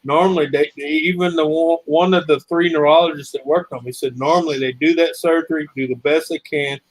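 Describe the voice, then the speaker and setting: A man's voice: fairly high pitch, steady tone, fairly quick, no echo, rough recording. A man hosting a casual chat, telling long rambling stories and swearing freely. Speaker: host.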